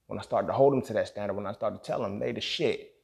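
Low, gravelly man venting hard. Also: fast, darkish tone. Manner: emphatic, profane, keeps asking "you feel me". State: angry and emotional. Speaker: podcast host. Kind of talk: impassioned solo monologue.

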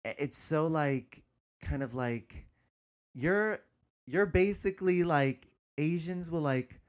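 A man speaking candidly as an interview guest, hesitant, with many restarts, and turning animated as he goes. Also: fairly high pitch, slow pace. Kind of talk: candid personal conversation.

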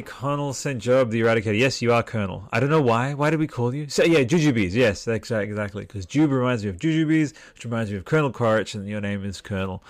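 Reading viewer comments aloud, this podcast host rambles and chats, sounding worn out and cursing without restraint. His mid-range voice comes through a desktop mic with headphones, clean studio sound with no echo.

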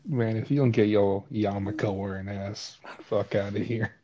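American guy, crude blunt jokester, low voice on dull lo-fi audio. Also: steady tone, a little slow, crowd noise. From United States. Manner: crude, blunt joking, swears freely. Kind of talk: casual chat.

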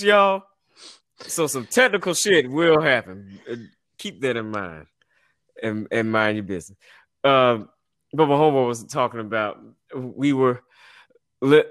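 A man's voice: mid-range voice, a bit bright, no room sound, studio quality. A man hosting a casual podcast, telling stories in a slangy, laid-back way with frequent laughs and restarts. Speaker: podcast host and business owner.

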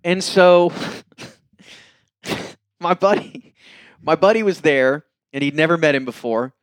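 A man's voice: on the high side, slow pace, no room sound, studio quality. A man, casually telling funny stories on a podcast and acting out what people said. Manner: laughing, animated anecdotes with quoted voices. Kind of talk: casual storytelling chat.

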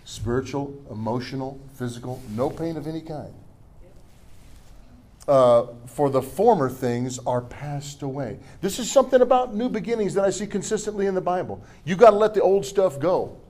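A middle-aged man preaching a sermon, reading scripture and leading call-and-response with the congregation, with humorous asides and forceful declarations. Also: fairly high pitch, lively intonation, moderate pace. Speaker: pastor.

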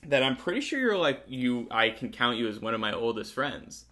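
A man's voice: mid-range voice, big pitch swings, moderate pace, pushed and bright, a little hiss or hum. Rambling young man, "like" in every sentence. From Connecticut, USA. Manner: rambling, many "like" fillers, restarts. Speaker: podcast host. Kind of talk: casual chat.

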